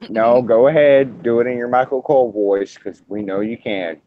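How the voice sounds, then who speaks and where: A man hosting a casual wrestling podcast, talking in halting bursts with frequent restarts. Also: mid-range voice, a little hiss or hum. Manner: halting, restarts often, hedges before points. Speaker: podcast host. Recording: muffled lo-fi podcast audio.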